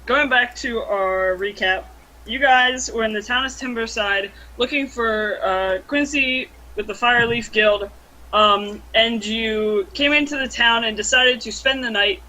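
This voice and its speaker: A young woman running a tabletop game over a voice call, recapping the last session slowly, with lots of ums and easy laughs. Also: a little high, sharp tone, low-quality recording. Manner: unhurried, filler-heavy, laughs easily. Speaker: game master. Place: room at home. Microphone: computer mic on a voice call.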